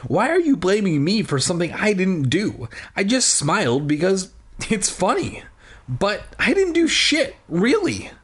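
A bratty little sister, whining and shouting back defensively in a high, swooping voice, as a man puts her on while reading a storybook. Her words come slowly and drawn out. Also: very animated, breathy edge, exaggerated voice. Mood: defiant. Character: defiant bratty girl, the younger sister.

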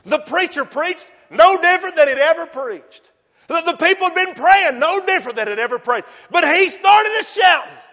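Preacher guy, real high bright voice, shouting and whooping, big echoey church hall. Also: animated, normal speed. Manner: hollers and whoops, swings between shouting and low asides. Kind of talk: shouting sermon. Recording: long hall reverb.

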